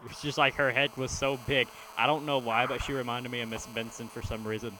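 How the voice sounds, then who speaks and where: A man's voice: medium pitch, little pitch movement, brisk. Young man, goofy and jokey, casual podcast banter, faint hum behind. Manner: goofy, jokey, bursts into silly voices and humming. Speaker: podcast co-host. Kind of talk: casual chat.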